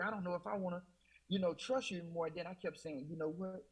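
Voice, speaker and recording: A man with a husky, breathy voice pitched a little high for a man tells an emotional testimony. He keeps circling back to quote himself, stacking one "I said" on the next. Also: steady tone, fast talker, low-quality recording. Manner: emotional, repeats "I said", Southern US Black church speech. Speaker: guest. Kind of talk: testimony storytelling.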